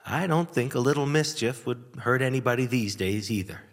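A man's voice: mid-range voice, over loud music. Wry storytelling man in long reverb. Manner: wry, animated delivery with chuckles and dramatic pauses. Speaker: radio show host and storyteller. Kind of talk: nostalgic first-person storytelling.

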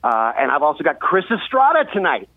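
A man calling in to a radio show, joking and pitching a comedy lineup in an upbeat, chatty way with fillers. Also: huge pitch swings, brisk, no room sound. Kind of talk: casual radio chat. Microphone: phone line. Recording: tinny phone line, dry.

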